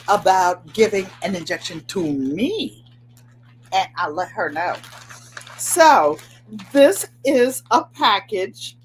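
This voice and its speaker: A woman's voice: medium pitch, slight background noise. An older woman hosting a sewing and crafts channel, chatting casually to viewers in a rambling way and often repeating herself. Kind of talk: casual live chat.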